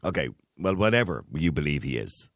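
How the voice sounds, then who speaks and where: A man hosting a radio phone-in, talking quickly, cutting in firmly but politely. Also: extremely low pitch, very animated, no room sound, clean studio sound. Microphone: studio microphone.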